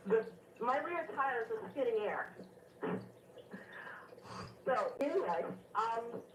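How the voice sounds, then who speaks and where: A woman's voice: a little high, roomy sound, distant mic, dull audio, a little hiss or hum. Rambling woman caller telling a story. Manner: rambling, animated storyteller with fillers. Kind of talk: phone-in storytelling.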